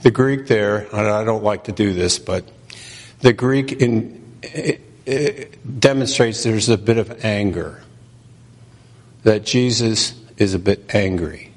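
A man preaching a sermon as pastor, slow and emphatic, asking and answering his own questions. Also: lowish voice. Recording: long reverb of a large hall.

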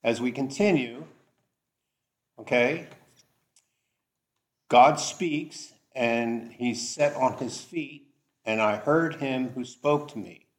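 A man teaching a Bible study, explaining scripture deliberately and checking in with the class. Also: medium pitch. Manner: slow, deliberate, checks in with "okay?".

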